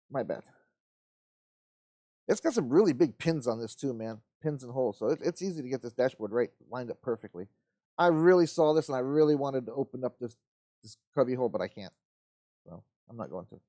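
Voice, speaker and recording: A man's voice: mid-range voice, mellow, no room sound, clean studio sound. A man hosting a live model-building stream, chatting casually and rambling to himself as he works, in an easygoing, folksy way. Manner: rambling, talks to himself while working.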